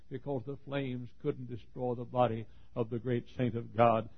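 A man preaching a sermon, telling a story with strong emotion that swings between hushed tones and near-shouting, with stammers and small chuckles. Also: medium pitch, flat delivery, a little slow, gravelly, husky. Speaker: pastor. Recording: dull lo-fi recording.

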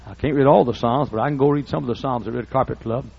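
A man's voice: medium pitch, fast talker, gravelly, slight background noise. An older man preaching a folksy storytelling sermon. He acts out the dialogue in raised voices. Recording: muffled lo-fi recording.

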